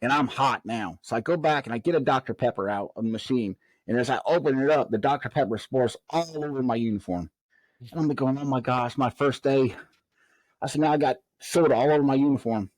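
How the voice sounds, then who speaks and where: Animated man telling a war story. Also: medium pitch, fairly quick, dry recording. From Southern United States. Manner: animated storyteller, acts out quoted dialogue. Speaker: guest, former prison officer. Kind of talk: storytelling in a podcast interview.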